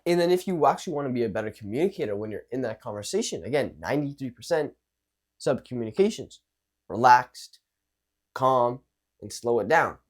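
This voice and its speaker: A young man coaching social skills in a casual talk, animated and acting out nervous and confident examples, with some swearing. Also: medium pitch, moderate pace.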